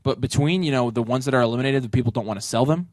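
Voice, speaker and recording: A man co-hosting a casual talk show, giving emphatic, rapid advice. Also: mid-range voice, darkish tone, no echo, studio quality. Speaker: podcast co-host. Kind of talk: casual chat.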